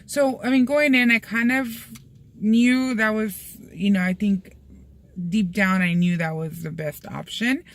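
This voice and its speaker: A woman's voice: mid-range voice, measured pace. A young woman chatting casually to camera, full of fillers, slipping in Spanish phrases, from a Mexican-American family. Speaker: vlogger.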